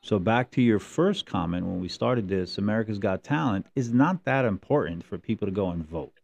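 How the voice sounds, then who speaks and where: Low, mellow-voiced man chatting casually. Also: a little fast, creaky. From New Jersey. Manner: rambling, animated storytelling with mimicked voices. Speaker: podcast co-host. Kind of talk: casual chat.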